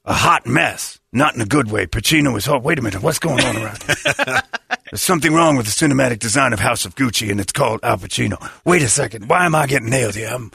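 A man's voice: mid-range voice, expressive, quick pace, gravelly, sharp tone, slightly rough, no echo, heavily acted. A man doing a comedy impression of a vain, aging movie legend who gets baffled and erupts in theatrical outbursts. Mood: indignant.

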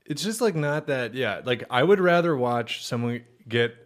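A man's voice: mid-range voice, moderate pace. A man co-hosting a casual comedy podcast, rambling and swearing as he talks. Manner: rambling, profane, animated.

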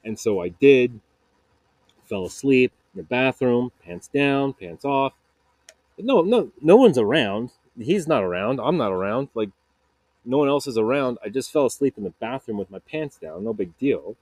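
A man's voice: medium pitch, expressive, normal speed, a little mellow, dry recording. A man in his thirties hosting a podcast, telling a personal story casually, stumbling over repeated words and fillers. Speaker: podcast host.

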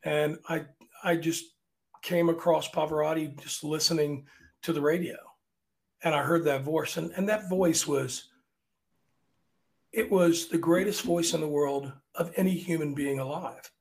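A man from Virginia talks through stories in a relaxed interview, lively and quick to restart his sentences. His speaking voice sits fairly high for a man and has a gravelly, creaky edge. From Virginia, USA. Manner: chatty, animated, often restarts sentences. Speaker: opera singer guest. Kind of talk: casual interview storytelling.

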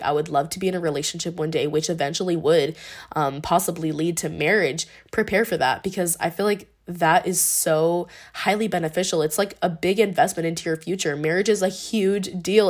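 A woman's voice: on the low side, darkish tone. A young woman hosting a podcast, talking through her thoughts in a casual, rambling monologue with lots of fillers and restarts. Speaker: podcast host.

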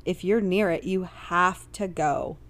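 This woman, a podcast co-host, has a lowish voice and talks slowly. She's chatty and giggly in a casual conversation, laughing often while reading out listener messages.

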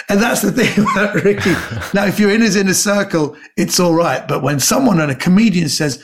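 Lively man telling animated stories. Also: fairly high pitch, a little fast, few pauses. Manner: lively storyteller who acts out quoted voices. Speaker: comedian guest.

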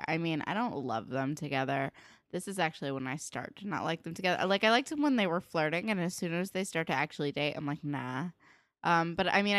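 Brief: woman podcast co-host, slightly low voice, dry close sound, chatty, filler-heavy episode recap. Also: fairly bright tone, dry recording. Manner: chatty, filler-heavy, acts out characters' lines. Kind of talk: casual chat recapping a TV episode.

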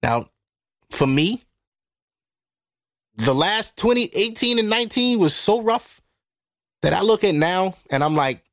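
A man hosting a podcast, talking through a casual monologue into a microphone in a blunt, profane, animated way. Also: sits high, unhurried, pauses often, no room sound, clean studio sound. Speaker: podcast host. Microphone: studio microphone.

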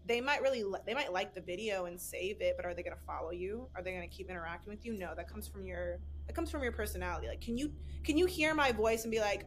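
A woman's voice: mid-range voice, fast, hardly any pauses, a little hiss or hum. A young adult woman talking casually as a podcast guest, chatty and full of fillers and restarts. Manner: chatty, filler-heavy, frequent restarts and bursts of laughter. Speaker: guest influencer.

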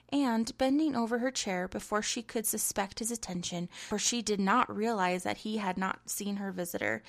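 A woman narrating a short story in a measured, even reading. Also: medium pitch. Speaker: audiobook narrator.

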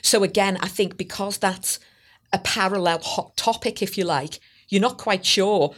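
A woman's voice: medium pitch, normal speed. A woman chatting casually on a podcast, rambling and poking fun at herself. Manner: chatty, rambling, self-mocking. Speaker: podcast guest. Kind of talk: casual chat.

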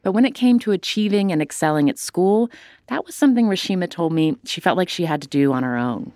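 Deep-voiced woman podcast host. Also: lively intonation, fast talker, a little mellow, no room sound. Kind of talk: interview and scripted narration.

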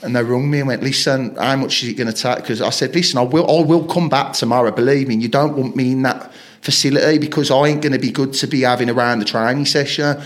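A man tells long anecdotes in a relaxed chat, voice sitting at an ordinary middle pitch. He rambles, restarts and swears freely, slipping into quick impressions of the people in his stories. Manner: rambling anecdotes, frequent swearing, acts out quoted lines. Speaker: podcast guest, footballer. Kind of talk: casual storytelling interview.

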